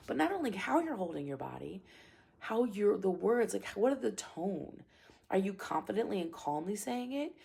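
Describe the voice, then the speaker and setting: Woman martial arts teacher, parenting advice; gravelly, husky delivery, calm but firm with repeated phrases. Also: mid-range voice. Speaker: karate instructor.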